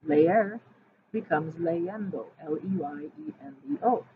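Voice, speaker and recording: A woman Spanish teacher reading her lesson slides aloud, explaining grammar step by step and spelling words out letter by letter. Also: mid-range voice. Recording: tinny phone-like audio with faint hiss.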